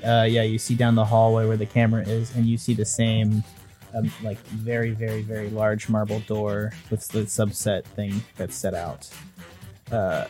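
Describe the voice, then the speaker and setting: Relaxed man narrating as dungeon master. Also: on the low side. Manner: relaxed, halting narration with fillers. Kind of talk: narrating a tabletop game.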